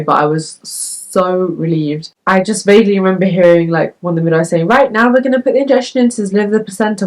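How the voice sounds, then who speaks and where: A woman's voice: lowish voice, a little mellow. A young woman vlogger telling her story to the camera in a candid, chatty way, full of fillers, from the United Kingdom. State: tearful.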